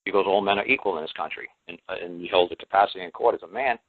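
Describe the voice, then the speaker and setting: A man's voice: low voice, racing, no room sound. A man speaking as a talk show guest in a folksy, emphatic monologue, often acting out the voices of the people he quotes. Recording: tinny phone line, dry.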